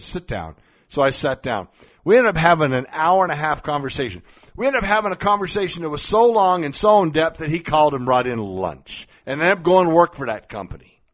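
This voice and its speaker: A man with a fairly high, bright-toned voice tells a story as a motivational speaker, blunt and emphatic, with a bit of mild cursing. The monologue comes through on a slightly dull, lo-fi recording.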